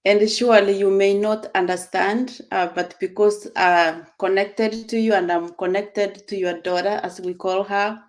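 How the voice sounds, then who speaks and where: A woman's voice: mid-range voice, fairly even intonation, a little slow, hardly any pauses. A woman responding in a group conversation, affirming and prayerful, praising the other speaker. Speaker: company supporter in a group conversation.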